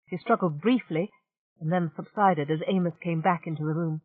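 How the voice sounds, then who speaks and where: A woman reading an audiobook in a measured, even narration. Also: fairly low pitch. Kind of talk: scripted narration. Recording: tinny phone-like sound.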